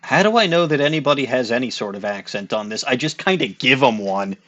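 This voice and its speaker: Animated joking man commenting on a game. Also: mid-range voice, muffled recording. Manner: animated, joking, quick exclamations. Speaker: let's play host. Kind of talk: casual let's play commentary.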